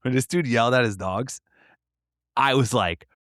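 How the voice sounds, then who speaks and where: Male podcast co-host, casual and animated storyteller, mid pitch, dry close sound. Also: moderate pace, no room sound. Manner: animated storyteller, acts out quotes, swears, laughs often. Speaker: podcast co-host, delivery driver.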